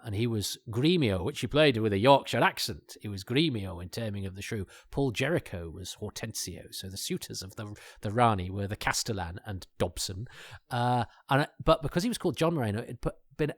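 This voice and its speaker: A man's voice: lowish voice, dry recording. A man talks through an old episode in a casual commentary, rambling with many restarts and fillers and chuckling asides. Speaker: podcast host.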